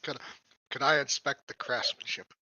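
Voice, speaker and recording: A man's voice: mid-range voice, moderate pace, bright, forceful tone, no echo, lo-fi sound. A man playing in a tabletop game, emotional and playful in character. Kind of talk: casual in-character play.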